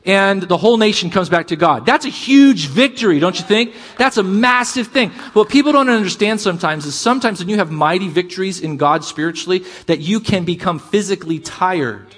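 A middle-aged man preaching a sermon as pastor, animated and shifting between loud emphasis and quiet asides. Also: high voice, fairly quick, few pauses.

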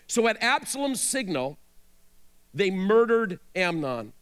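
A male pastor preaches in a high voice that swings up and down with strong animation. He tells the scripture story dramatically and breaks off now and then to speak straight to his listeners. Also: animated, a little slow, fairly bright tone. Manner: dramatic storytelling, asides to the audience. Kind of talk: sermon.

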